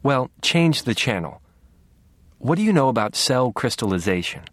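A man's voice: medium pitch, very animated, moderate pace, no room sound. Guy doing a blunt impatient cop lady, short snappy lines, audiobook, dry close sound. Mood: curt. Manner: curt, impatient. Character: brusque young woman police officer, blunt.

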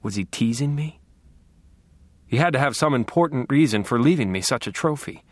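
A man narrating a first-person audiobook in a dry, wry, measured way. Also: mid-range voice, animated, no room sound.

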